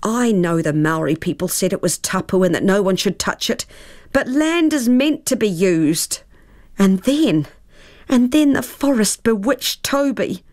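A woman's voice: mid-range voice, very animated, unhurried, darkish tone. A woman voicing a bitter, shivering old great-aunt ghost in a storybook reading, her voice shaky and tearful.

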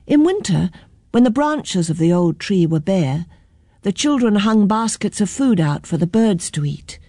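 A woman reads a children's story aloud, slow and gentle. Her voice is soft and breathy with a lively, rising and falling melody, recorded close and dry. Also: mid-range voice, no echo. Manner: gentle, clear storybook reading. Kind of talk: reading a children's picture book aloud.

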